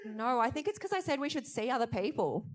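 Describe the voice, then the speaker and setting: A woman performing a stand-up set with punchy, animated joke delivery. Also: a little high, fairly quick. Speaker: stand-up comedian.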